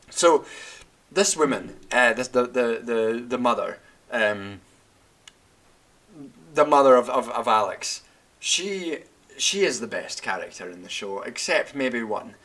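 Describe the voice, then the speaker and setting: A young man, drinking wine while ranting about a TV show in a profane, animated way, laughing and tripping over his words. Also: medium pitch. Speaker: vlogger. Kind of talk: casual rant.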